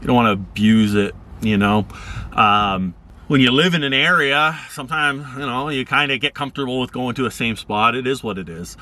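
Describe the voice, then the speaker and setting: A man's voice: normal speed, sharp tone. A man telling casual stories in a rambling, laid-back way on a vlog. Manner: rambling, laid-back, acts out quoted people in higher voices. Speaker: vlogger. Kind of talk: casual storytelling.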